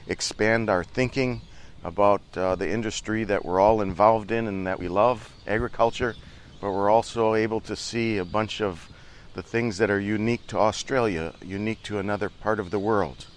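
A man's voice: lowish voice, steady tone, moderate pace. A man who is a dairy farmer and leadership coach, giving an earnest, enthusiastic motivational podcast talk from a harbor and often repeating himself.

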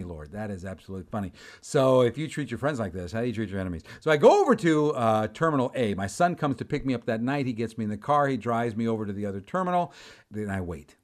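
A man preaching, telling a personal story with animated delivery, acting out the dialogue and repeating words. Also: medium pitch. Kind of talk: storytelling sermon.

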